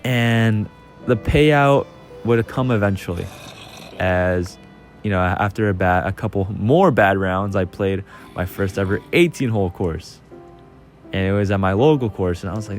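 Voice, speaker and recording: Young man, casual storytelling, excitable and rambling, repeats himself, faint music behind. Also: fairly low pitch, moderate pace. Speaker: channel host. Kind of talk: casual storytelling over gameplay.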